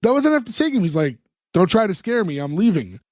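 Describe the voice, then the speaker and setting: A man talks through a sitcom episode scene by scene, slipping into the characters' lines as he tells it. His voice sits a little high for a man and has a lively storyteller's lift. The sound is dry and close, with no room around it. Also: fast talker, no echo. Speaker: podcast co-host. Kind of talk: casual chat recapping a sitcom episode.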